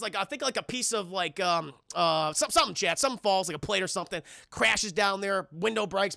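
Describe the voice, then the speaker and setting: A young man rambles through a film recap for his live chat, swearing as he goes and acting out the characters' lines in quick bursts. His voice sits high for a man, with a bright, gravelly edge. The sound is close and dry. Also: no echo. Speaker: film reviewer streaming to chat.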